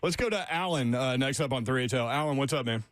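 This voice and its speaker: A man hosting sports talk radio, excitable and quick to get worked up, laughing often. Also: medium pitch, no echo, studio quality. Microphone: studio microphone.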